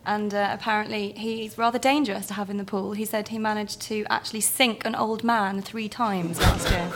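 A woman's voice: mid-range voice, fairly even intonation, normal speed. Chatty woman journalist on stage. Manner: chatty, hesitant with many ums. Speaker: guest journalist. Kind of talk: casual chat. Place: theatre stage.

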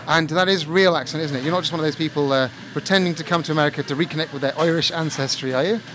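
A man's voice: a little high, racing, a bit bright, slight background noise. A man hosting a science podcast from a café, presenting a scripted show with a wry, joking delivery. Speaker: podcast host.

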